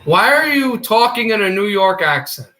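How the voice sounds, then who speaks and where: A man streaming amateur hockey play-by-play and chatting casually, excitable and rising to shouts on big plays. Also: sits high, moderate pace. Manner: excitable, rises to shouts on goals. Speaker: livestream hockey commentator. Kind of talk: amateur play-by-play commentary mixed with casual chat. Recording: roomy echo.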